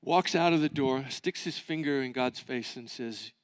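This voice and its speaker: A man preaching at a marriage conference, telling a story and acting out the people in it with lively voices. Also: medium pitch, moderate pace, clean tone, big-room sound. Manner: animated, acting out quoted voices. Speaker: pastor. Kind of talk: sermon storytelling. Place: church hall.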